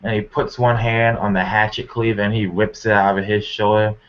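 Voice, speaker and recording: Guy narrating his character, kinda low voice, dull muffled sound. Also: level tone, brisk, hardly any pauses. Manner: vivid, folksy storytelling. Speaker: player. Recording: muffled lo-fi recording.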